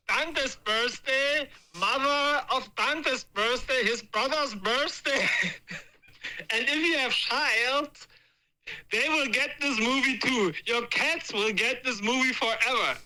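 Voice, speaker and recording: A woman speaks in a high voice with a bright tone, slow and drawn out. She teases her friend in a mock-serious way, piling one joke on top of the next. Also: low-quality recording.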